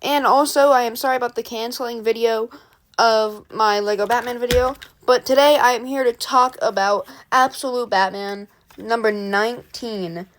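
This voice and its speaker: A woman's voice: fairly high pitch, normal speed. Chatty woman recapping a comic. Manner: chatty, animated retelling, quoting characters. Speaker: comic book reviewer.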